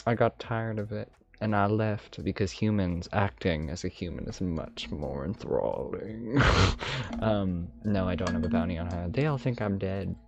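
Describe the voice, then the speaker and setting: A man with a deep, creaky, slightly mellow voice speaks at a moderate pace while roleplaying an ancient, mischievous male dragon mage on a live stream. Lisping in a put-on dragonish accent, he rambles playfully and amuses himself with asides; the stream audio is a bit dull, with faint music.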